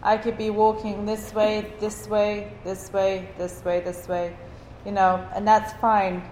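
A woman slowly and earnestly encouraging a women's group with a faith talk. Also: mid-range voice, little pitch movement, darkish tone, echoey room, big-room sound, soft background music, low-quality recording.

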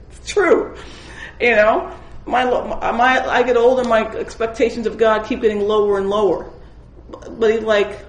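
A woman's voice: a little high, level tone, moderate pace. A woman leading an informal Bible study who tells stories with animation, acts out the people she quotes and often laughs. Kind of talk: informal spoken devotional. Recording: roomy echoing room.

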